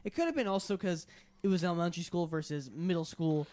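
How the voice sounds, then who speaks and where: A man's voice: on the high side, quick pace, a little mellow. A young man co-hosting a podcast, explaining his views in a thoughtful, opinionated way. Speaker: podcast co-host. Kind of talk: casual chat.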